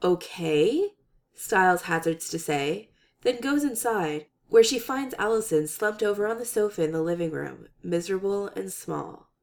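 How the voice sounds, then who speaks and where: A woman reading a comic story aloud with expressive, animated narration. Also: medium pitch, moderate pace, gravelly. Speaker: story reader. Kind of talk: reading fan fiction aloud.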